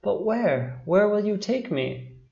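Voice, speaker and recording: A man putting on a thin, shrill little orphan girl. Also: expressive, slow pace, vocal fry, warm tone, reverberant, muffled recording, heavily acted. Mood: suspicious. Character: frightened hungry little orphan girl Andrina.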